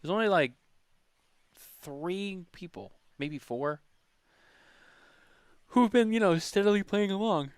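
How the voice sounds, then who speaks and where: A man's voice: high-pitched, lively intonation, slow, pauses often, smooth, dry recording, clean studio sound. A man hosting a podcast in casual chat, rambling and chatty as he reads comments. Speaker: podcast host.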